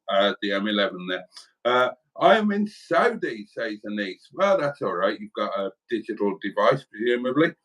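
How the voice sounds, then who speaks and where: Animated man reading out viewer comments. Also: mid-range voice, low-quality recording. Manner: jovial, wry, chatty. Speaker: livestream co-host. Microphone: home livestream setup.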